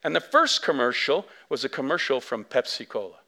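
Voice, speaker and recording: A man preaching a sermon as pastor, telling a story in a chatty way with lots of asides, dropping to a hush and then swelling to near shouts. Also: medium pitch, fairly quick. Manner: animated storytelling, big swings from soft to loud; conversational, many fillers and asides.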